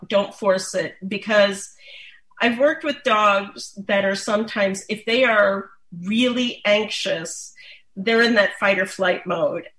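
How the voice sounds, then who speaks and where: A woman explaining dog massage in a relaxed, chatty way, with many fillers and restarts. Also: mid-range voice. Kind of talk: casual instructional talk. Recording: roomy echo.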